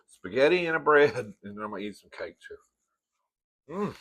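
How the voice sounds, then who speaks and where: Husky, lowish, and a bit bright, this man's voice is very animated yet unhurried, with long pauses. He hosts an eating show, chatting campily to camera, eating between sentences, and calling viewers "girl."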